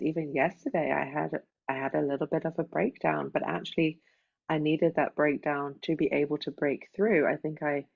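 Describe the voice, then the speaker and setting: A woman life coach talks openly and from the heart, her very low voice full of gravelly fry. The audio is dull and lo-fi, and she leans on casual fillers as she speaks. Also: a little mellow. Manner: open, heartfelt, frequent "like" and "right?". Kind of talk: casual interview chat.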